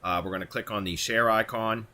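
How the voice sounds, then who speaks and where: A man talking through a software tutorial step by step in plain instructions, with occasional fillers. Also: fairly low pitch, fairly even intonation, a little fast. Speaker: tutorial host. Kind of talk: screen-recorded software tutorial.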